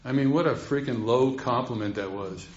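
A man's voice: medium pitch, normal speed, darkish tone, a little hiss or hum. An older man rambling through a heartfelt recovery share, laughing often. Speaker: speaker sharing at a recovery meeting. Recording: roomy, dull recording.

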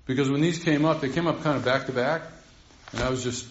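A man's voice: medium pitch, fast, a little hiss or hum. An older man rambling through a heartfelt recovery share, laughing often. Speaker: speaker sharing at a recovery meeting. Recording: roomy, dull recording.

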